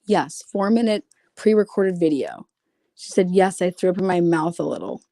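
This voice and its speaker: A woman livestreams casually, reading out private messages and tossing in sarcastic, foul-mouthed, blunt remarks. Her fairly low, dark voice is expressive and moves at a normal speed, recorded cleanly in studio quality without echo.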